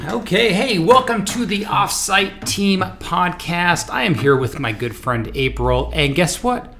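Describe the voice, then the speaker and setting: A man's voice: high-pitched, expressive, measured pace, sharp tone, soft background music. An American man hosting a podcast from his office, talking in an earnest, rambling, conversational way. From United States. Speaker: podcast host and business owner. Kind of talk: casual podcast chat.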